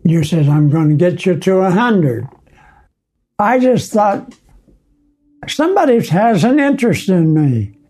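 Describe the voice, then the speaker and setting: An elderly man living in an assisted living center, recalling things slowly and haltingly in an interview. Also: high-pitched, big pitch swings, warm tone. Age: older. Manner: slow, halting and reflective. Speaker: nursing home resident. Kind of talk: interview recollection.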